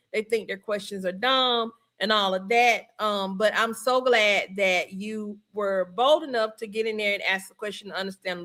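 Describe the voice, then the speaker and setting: A woman from Georgia with a Southern accent hosts a casual livestream. Her voice is bright and sits a little high. She talks in a chatty, easygoing way, laughing often as she reads out viewer comments. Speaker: livestream host.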